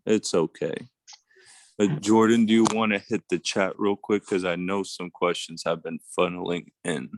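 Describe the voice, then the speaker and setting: A man's voice: sits low, steady tone, normal speed, slight background noise. A man co-hosting a casual video-call chat, loose and laid-back, running on little sleep. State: short on sleep.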